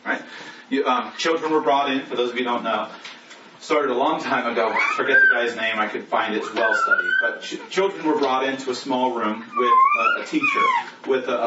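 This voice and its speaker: A man preaching as a pastor in a conversational style, asking the congregation rhetorical questions. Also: medium pitch. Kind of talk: sermon. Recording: roomy echo, distant mic, lo-fi with noise.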